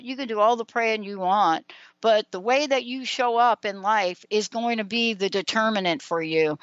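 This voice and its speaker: A woman's voice: fairly high pitch, a bit bright, no echo. Reflective woman on muffled talk radio. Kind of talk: casual talk radio conversation. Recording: dry, slightly muffled radio audio.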